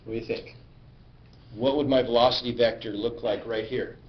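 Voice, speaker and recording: A man's voice: mid-range voice, steady tone, moderate pace. A male physics teacher lecturing a class, often asking questions and checking that students follow. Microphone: camera at a distance. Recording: roomy, distant, dull camera sound.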